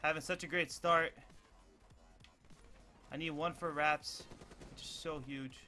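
A young man with a high, sharp, ringing voice giving hyped live commentary over a game. He fires off quick play-by-play calls and swears freely as he talks. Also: steady tone, faint music behind. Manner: quick running play-by-play shouts. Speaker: gaming video creator.

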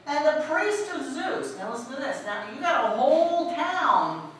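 A woman preacher giving a lively storytelling sermon, asking the congregation questions as she goes. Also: high-pitched, normal speed. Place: church. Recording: echoey hall, distant mic, faint noise.

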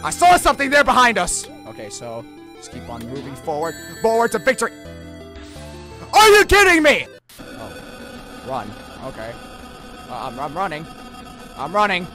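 A man hosting a let's-play reaction, jokey and excitable, breaking into shouts. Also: on the high side, moderate pace, pauses often, soft background music. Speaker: gaming channel host.

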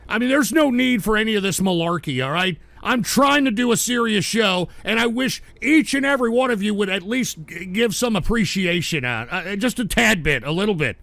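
A man hosting a livestream talk show, scolding his audience in an exasperated rant that keeps breaking into shouts. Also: high voice, animated, brisk, creaky, few pauses, no echo.

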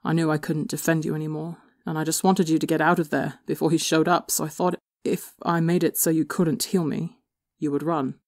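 A woman voicing a weary, remorseful young man who speaks quietly and sheepishly. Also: on the high side, flat delivery, a little fast, no echo, studio quality, lightly acted. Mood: subdued.

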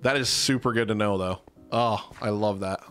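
A man hosting a gaming channel, chatting casually and excitably through his own gameplay and laughing at himself. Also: lowish voice, normal speed, soft background music. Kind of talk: casual let's-play commentary.

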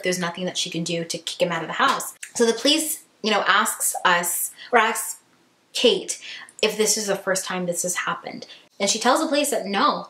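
A woman vlogger telling a story in a lively, chatty way, full of fillers and acted-out quotes. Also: mid-range voice, roomy sound. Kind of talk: storytime vlog.

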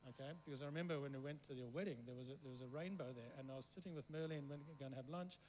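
A man's voice: mid-range voice, very fast, darkish tone, a little hiss or hum, poor audio. A man who grew up in Africa and learned English as a second language, preaching as a guest speaker through long rambling stories, often checking in with the listeners. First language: not English. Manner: rambling anecdotes, keeps checking in with the room. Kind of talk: storytelling sermon.

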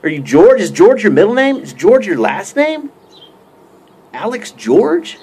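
Rambling, lively man roasting jokingly. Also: high-pitched, normal speed, husky. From United States. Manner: rambling, many fillers and restarts; joking, mock-indignant. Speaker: YouTube pipe-smoking vlogger. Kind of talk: casual mock roast to camera.

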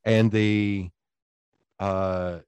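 A man with a Southern East Tennessee accent, hosting a podcast and telling animated stories in casual chat, swearing freely. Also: lowish voice, very slow, clean tone, dry recording. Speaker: podcast host.

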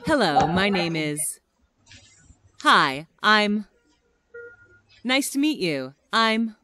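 Slow, lilting woman reading practice phrases. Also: medium pitch, very animated, crowd noise. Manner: slow, deliberate phrase-by-phrase delivery. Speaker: English teacher.

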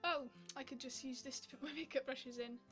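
A woman's voice: sits high, steady tone, brisk, fairly bright tone, soft background music. A young Welsh woman chatting casually to camera about her makeup, rambling and giggling, a little out of breath. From Wales. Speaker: beauty vlogger.

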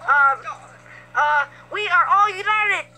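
A woman doing a squeaky, rambling Luigi. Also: slow, slight background noise, full character voice. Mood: speechifying. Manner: bossy and rambling, yelling for quiet. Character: plush Luigi, grown man running for president. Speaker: vlog character giving a campaign speech. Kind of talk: homemade plush puppet vlog.

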